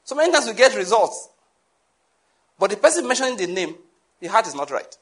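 A man preaching a sermon, emphatic, repeating key phrases and sometimes bursting into shouts. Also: sits high, very animated, fairly quick.

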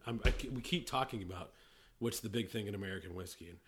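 A middle-aged man co-hosting a casual chat, rambling and often breaking off mid-sentence, quick to laugh. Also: fairly low pitch, fairly bright tone. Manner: rambling, self-interrupting, laughs easily. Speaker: podcast co-host, whiskey industry veteran.

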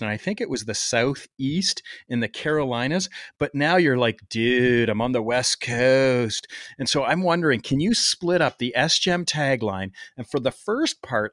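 A man's voice: medium pitch, a bit bright, no echo. A man from Canada hosts a medical podcast in a teasing, jokey way. His voice rises and falls a lot as he talks. The sound is dry and close. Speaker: podcast host. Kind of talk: casual chat.

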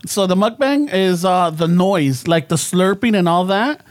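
A man's voice: high voice, animated, measured pace, dry recording. A middle-aged man, co-hosting a casual podcast and telling stories in a rambling, profane way. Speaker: podcast co-host. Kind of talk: casual chat.

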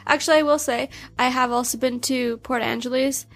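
A woman's voice: high-pitched, steady tone, fairly quick, a bit bright. A woman in a casual group chat, chiming in briefly and chattily.

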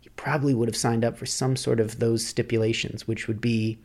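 Male podcast host, gravelly, reflective rambling monologue. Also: mid-range voice, level tone, a little fast, darkish tone. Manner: musing, rambling, philosophical.

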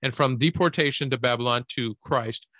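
Man cohosting a faith podcast, bright voice, joking around, dry close mic. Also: medium pitch, fairly quick, no echo. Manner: joking, playful, mispronounces names. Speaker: podcast co-host. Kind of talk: casual chat.

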